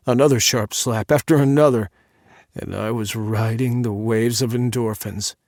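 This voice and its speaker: A man narrating a first-person audiobook in a measured, intimate reading on a close studio mic. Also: mid-range voice, fairly even intonation, darkish tone, dry recording.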